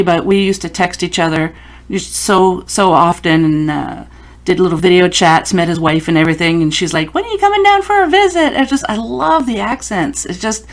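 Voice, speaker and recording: A woman in her fifties from Canada, hosting a podcast and chatting with her guest, encouraging and quick to laugh. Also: lowish voice. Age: 50s. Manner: warm, encouraging, laughs often. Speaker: podcast host. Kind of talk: casual interview chat.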